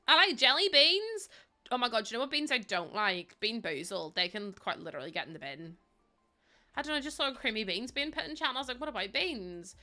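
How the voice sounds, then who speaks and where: Bright, chatty young woman streamer. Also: fairly high pitch. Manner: chatty and teasing, laughs often, reads out chat. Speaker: game streamer. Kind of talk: casual live-stream chat.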